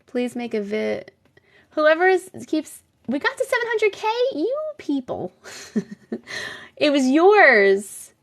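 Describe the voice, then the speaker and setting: A woman's voice: high-pitched, big pitch swings, slow, creaky. A woman with a New York accent hosting a casual live stream, chatting with viewers, exclaiming and laughing often. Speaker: live stream host reading viewer stories.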